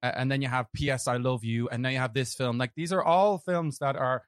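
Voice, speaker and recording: Young irish dude on a film podcast, rambly, kinda animated, mid-pitched voice, dry close mic. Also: male voice, brisk, smooth, no echo. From Ireland. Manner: rambling, animated, lots of fillers and restarts. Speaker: podcast co-host. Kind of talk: casual film-review chat.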